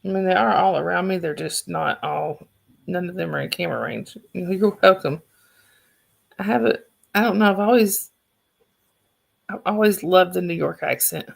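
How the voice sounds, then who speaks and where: A woman's voice: fairly low pitch, moderate pace, gravelly, pauses often. A woman with a Southern accent hosting a livestream, chatting casually and rambling with her viewers. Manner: rambling, chatty, restarts sentences. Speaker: livestream host.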